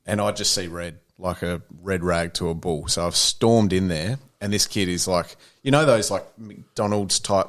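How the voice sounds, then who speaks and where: Bloke, thirties, podcast co-host, storytelling with a lowish voice. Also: male voice, moderate pace, hardly any pauses. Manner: animated anecdote teller, mate-ish banter. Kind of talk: casual chat, storytelling.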